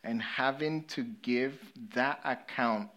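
An English-accented man preaching a sermon at an unhurried pace, his voice sitting in an ordinary middle pitch. He moves between lively storytelling and quiet, sobering emphasis. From England. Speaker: pastor.

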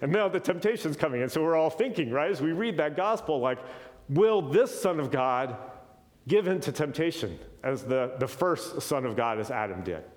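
A man's voice: a little high, normal speed. Man teaching on Scripture. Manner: casual, often adds "right?" as a check-in; animated, shifting pace. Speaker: preacher. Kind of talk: conversational Bible teaching.

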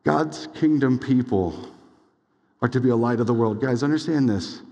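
A man's voice: mid-range voice, normal speed. Casual young man preaching in a hall. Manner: casual, animated preaching with many "like"s and asides. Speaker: pastor. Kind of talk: sermon. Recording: long hall reverb.

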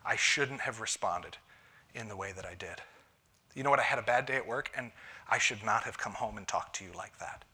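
Bright-voiced male pastor preaching. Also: on the low side, brisk, husky. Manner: conversational, shifting between punchy lines and hushed asides. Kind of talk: sermon on marriage.

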